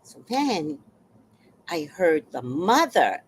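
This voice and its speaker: A woman's voice: sits low, big pitch swings, slow pace, a little hiss or hum. A woman telling a neighborhood story in a casual vlog, blunt and profane, acting out the people she describes. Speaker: vlogger.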